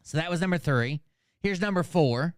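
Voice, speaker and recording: A man's voice: a little high, animated, moderate pace, clear, resonant tone, no echo, clean studio sound. A man hosting a casual commentary show, reading emails aloud with sarcasm and swearing. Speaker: host.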